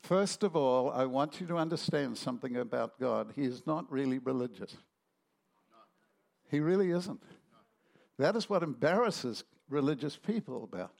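Gravelly animated male preacher. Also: mid-range voice, normal speed. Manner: animated storytelling, acting out voices. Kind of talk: sermon.

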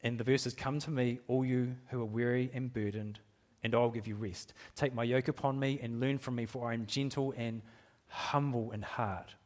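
A middle-aged man preaching to his congregation in a church hall. His pitch sits at an ordinary middle level, and he talks in a candid, self-deprecating way. He chuckles at his own admissions and stumbles through restarts as he goes. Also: fairly even intonation, moderate pace, few pauses. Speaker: pastor. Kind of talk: sermon.

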